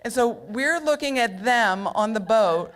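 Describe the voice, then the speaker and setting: A woman's voice: fairly high pitch, animated, unhurried. Chatty middle-aged woman telling a story. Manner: humorous, chatty, with many asides. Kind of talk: live personal storytelling. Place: stage at a local storytelling event.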